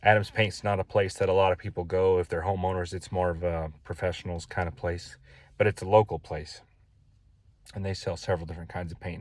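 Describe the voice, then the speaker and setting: A man's voice: low-pitched, no echo. A man building his own house, telling a casual, exasperated story in a vlog and repeating his gripes.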